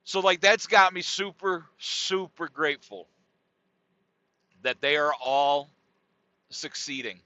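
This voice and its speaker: On his podcast, a middle-aged man drifts through a laid-back, foul-mouthed comic monologue, speaking slowly and leaving long pauses. His slightly high voice comes across bright and forceful. There's no echo, and the sound is dry, dull and lo-fi.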